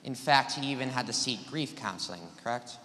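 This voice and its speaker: A man's voice: medium pitch, brisk, bright, forceful tone, slight background noise. A teenage boy cross-examining a witness in a mock trial, pressing with leading questions and cutting in for yes-or-no answers. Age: teens. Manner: pressing, cuts in with yes-or-no demands. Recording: echoey room with long reverb.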